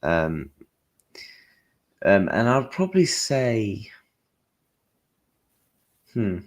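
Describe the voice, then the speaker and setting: A young man chats casually on a football livestream, animatedly telling stories in blunt slang with mild swearing and acting out his own lines and other people's. His voice is lowish and extremely slow.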